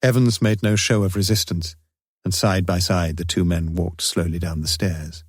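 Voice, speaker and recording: A man reading a crime story aloud in measured, even storytelling narration. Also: deep voice, slightly rough, no echo, studio quality. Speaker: audiobook narrator. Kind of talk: scripted narration.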